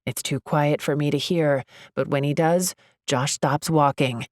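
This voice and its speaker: A young woman narrating a first-person romance audiobook, expressive, jumping up in pitch for her character's outbursts. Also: unhurried, no room sound, studio quality.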